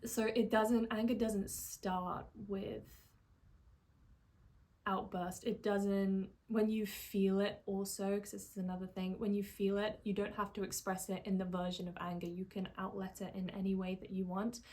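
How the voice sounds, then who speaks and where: Calm, reflective woman coach. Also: medium pitch, moderate pace. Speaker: life coach.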